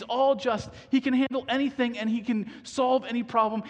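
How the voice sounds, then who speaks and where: A man preaching a sermon in a lively, animated way, acting out voices and laughing at himself now and then. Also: very high voice, normal speed, few pauses, big-room sound. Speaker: pastor.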